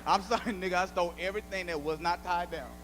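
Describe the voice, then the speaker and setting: A man performing a stand-up comedy routine on a club stage, an animated storyteller who often shouts. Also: high voice, normal speed, background noise.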